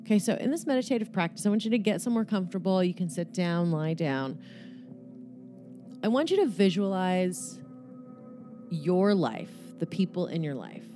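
A woman's voice: fairly low pitch, expressive, moderate pace, dark tone, faint music behind. Casual, swearing meditation guide, woman. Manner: casual, joking, swears freely.

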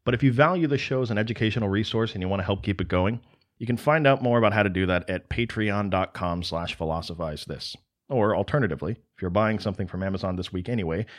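A male podcast host reading the closing announcements in a brisk, friendly way. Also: lowish voice.

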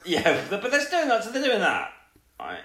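A man's voice: sits high, wildly swooping pitch, moderate pace, a bit bright, echoey room. A man telling a crude, rambling story in casual podcast chat. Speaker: podcast co-host.

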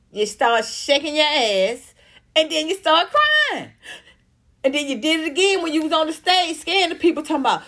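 A woman delivers celebrity gossip commentary in a blunt, profane, sarcastic rant. Her voice sits a little high and swings widely in pitch. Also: very animated, moderate pace, pushed and bright.

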